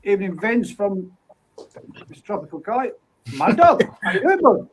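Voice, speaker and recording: A man hosts a casual live stream, reading viewer comments aloud one after another. His voice sits fairly high for a man, and his manner is easygoing and friendly as he greets people by name. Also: very animated, normal speed, slight background noise, rough recording. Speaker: livestream host.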